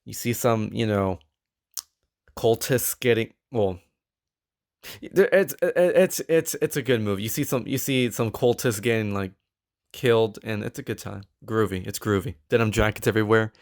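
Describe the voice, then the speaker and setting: A man with a fairly low voice co-hosts a podcast in a loose, casual chat. He talks in an animated way, stammers and restarts, and throws in quick asides. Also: vocal fry. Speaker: podcast co-host.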